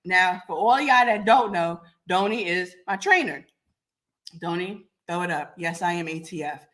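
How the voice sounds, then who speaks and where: A raspy woman, getting over a cold, hosting a live podcast and talking bluntly to commenters by name. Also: on the low side, moderate pace, fairly bright tone. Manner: blunt, confrontational, addresses chat by name. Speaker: podcast host. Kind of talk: live-stream talk to commenters.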